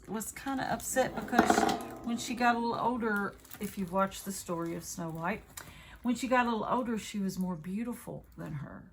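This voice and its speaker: A Southern woman talks through a craft unboxing at an easy, slow pace, rambling a bit and catching her own slips. Her pitch sits in the middle of a woman's range. A faint background noise runs under the recording. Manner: chatty, rambling, self-correcting. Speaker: craft video host. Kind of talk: casual unboxing chat.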